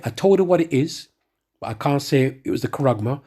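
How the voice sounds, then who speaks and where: A man's voice: mid-range voice, expressive, a little fast, warm tone. A man giving a rambling spoken testimony who keeps checking in with his listeners as he tells his story. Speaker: church member giving testimony.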